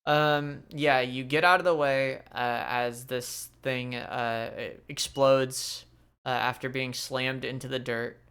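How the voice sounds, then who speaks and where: A man narrating a tabletop session as game master, taking his time over every line. His voice carries a gravelly edge, yet it stays smooth and resonant underneath. He is laid-back and chuckles often. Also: medium pitch, steady tone, slow pace, fairly bright tone.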